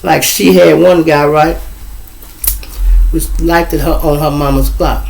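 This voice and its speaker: A middle-aged man spins family stories in a casual monologue. His voice sits a little high for a man, and his delivery is profane and lively. He slips into the voices of the people he quotes. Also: unhurried, vocal fry, slight background noise, low-quality recording. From Chicago. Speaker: host.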